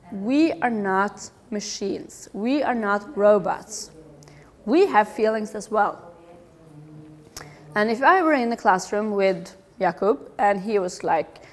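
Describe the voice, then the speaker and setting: A middle-aged woman giving a lively public talk about children's behaviour, with humorous asides. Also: mid-range voice. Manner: lively, acts out quoted voices, humorous asides.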